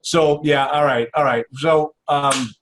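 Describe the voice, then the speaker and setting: Man, podcast host, enthusiastic, casual, somewhat higher voice. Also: fairly even intonation, slow, a bit bright, slight background noise. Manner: enthusiastic, reacts with "wow" and laughs. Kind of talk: casual interview chat.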